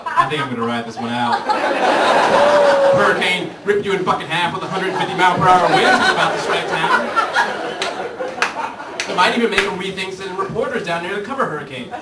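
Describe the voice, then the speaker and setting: A man's voice: high-pitched, expressive, fast, a loud crowd, very noisy. A male stand-up comedian on a club stage, ranting in a brash, profane way. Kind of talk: stand-up routine. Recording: roomy, distant club recording, loud audience laughter.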